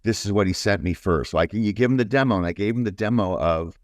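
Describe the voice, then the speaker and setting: A baritone man from New York, a guest musician talking in a casual, rambling, enthusiastic way with many fillers. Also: quick pace, no echo, clean studio sound. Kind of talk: casual interview chat.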